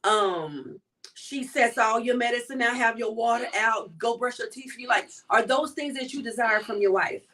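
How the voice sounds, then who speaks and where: Woman cohost, higher voice, sits back from the mic, teasing chatty vibe. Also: normal speed, distant mic. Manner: lively, teasing, talks to the audience. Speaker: co-host. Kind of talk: casual chat reading comments.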